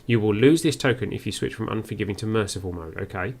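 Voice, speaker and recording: A man's voice: on the low side, quick pace, gravelly, a little mellow. A man giving first-play game commentary, musing aloud and reading on-screen text as he goes. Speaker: game streamer.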